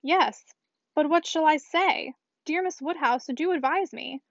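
Hesitant young woman, high and pleading, dry lo-fi, read by a woman. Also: a little slow, vocal fry, no room sound. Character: timid, uncertain young woman. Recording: dull, dry lo-fi recording.

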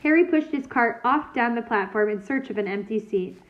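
A woman reading a children's novel aloud in a steady, clear storytelling manner. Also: fairly high pitch, a little fast. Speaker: reader. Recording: tinny phone-like sound.

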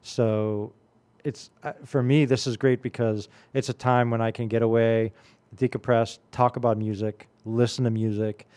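A man's voice: medium pitch, little pitch movement, moderate pace, darkish tone. A man in his late forties hosting a radio music show, telling stories in a rambling, casual way full of fillers. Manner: rambling storyteller, many fillers.

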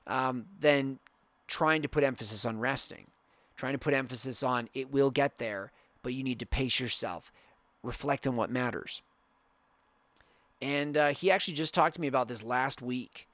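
A man's voice: medium pitch, fairly bright tone, no echo. A young man hosting a podcast, talking earnestly in a reflective monologue that rambles with restarts. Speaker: podcast host.

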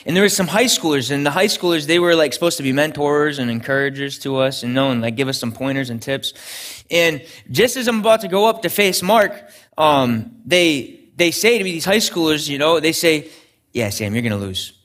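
A man's voice: fairly high pitch, fairly quick, a bit bright. A young adult man, a pastor, preaching a sermon in an earnest storytelling way with frequent restarts.

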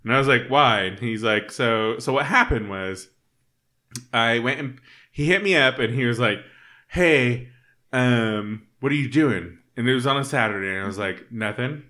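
A man's voice: medium pitch, moderate pace, pushed and bright. A man on a casual podcast, telling a story and acting out both sides of an argument. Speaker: podcast host.

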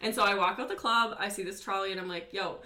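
A young woman telling a long story on a casual podcast, animated and profane, full of "like" fillers. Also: mid-range voice, quick pace, roomy sound. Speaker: podcast guest.

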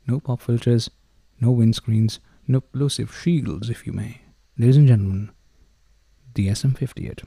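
A man hosting a podcast and testing microphones close up, with a showy manner that keeps addressing the ladies and gentlemen. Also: mid-range voice, steady tone, measured pace, creaky, husky, no echo. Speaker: podcast host. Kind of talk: casual microphone review talk. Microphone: handheld dynamic mic held close.

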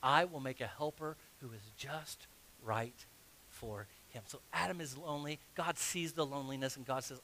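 A man's voice: mid-range voice, moderate pace, pushed and bright, slight background noise. A man preaching a sermon as pastor, reading scripture aloud and acting out the story with humor. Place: church sanctuary.

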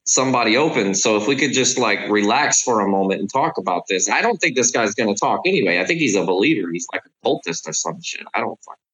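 A man's voice: on the low side, animated, fast talker, few pauses, a bit bright, rough recording. A man playing a tabletop game, talking in an exasperated way and swearing casually. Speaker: player. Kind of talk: tabletop role-play.

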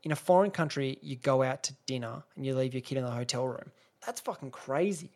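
A man's voice: mid-range voice, fairly quick, a little mellow. A young Australian man hosting a solo podcast, rambling and sarcastic, swearing freely and restarting his sentences. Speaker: podcast host. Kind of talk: casual solo podcast rant.

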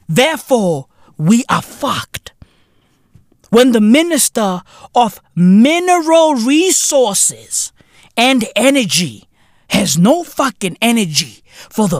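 A South African podcast host delivers a ranting monologue full of profanity and heavy slang fillers, in an animated manner. His voice is very high, and the sound is clean studio audio with no echo.

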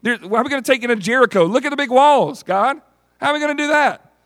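A man's voice: very high-pitched, animated, fast talker, a bit bright, dry recording, clean studio sound, pitched above the performer's own voice. A man voicing a nervous young military leader who asks pleading questions. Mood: anxious.

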